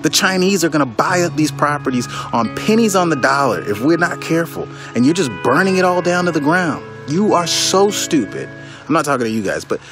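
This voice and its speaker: Heated man ranting over music. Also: fairly high pitch. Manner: heated, exasperated, swings between sighs and raised outbursts. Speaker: commentator. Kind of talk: impassioned political rant.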